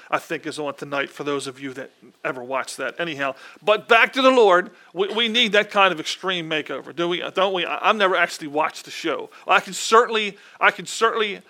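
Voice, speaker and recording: A man's voice: a little high, bright, forceful tone. A man preaching a conversational sermon in an earnest way, often repeating his words and asking his listeners questions.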